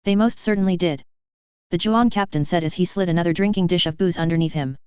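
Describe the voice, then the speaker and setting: A woman's voice: lowish voice, fast talker, a little mellow, clean tone, no echo, dull audio. A woman narrating a sci-fi story as an audiobook, reading the dialogue with light character voicing.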